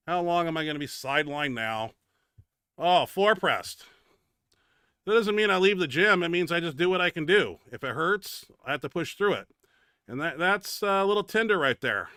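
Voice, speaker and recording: A man's voice: fairly high pitch, sharp tone, clean tone, dry recording, clean studio sound. A man hosting a bench press show, giving casual, blunt, profane commentary over his training footage. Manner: blunt and profane, grumbling about his own setback.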